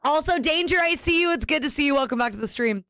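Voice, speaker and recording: A woman's voice: high voice, expressive, quick pace, fairly bright tone, no room sound, clean studio sound. A woman streamer chatting casually with viewers, rambling and cutting herself off mid-sentence as she tells a story. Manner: rambling, self-interrupting storyteller.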